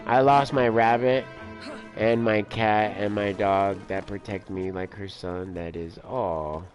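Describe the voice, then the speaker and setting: A man's voice: fairly low pitch, steady tone, slow, faint music behind. A man streaming a game, telling rambling stories between play, filler-heavy and casual. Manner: rambling storyteller, lots of "like" and "dude". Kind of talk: casual let's play commentary.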